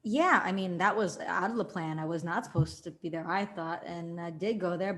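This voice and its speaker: A woman playing a tabletop game, rambling excitedly in character. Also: fairly low pitch, normal speed, hardly any pauses. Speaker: player.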